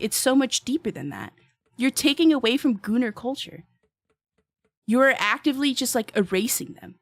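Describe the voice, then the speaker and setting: A woman's voice: mid-range voice, a bit bright, no echo, studio quality. A woman streamer chatting casually and playfully while playing a game, laughing often and reading game text aloud. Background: faint background music.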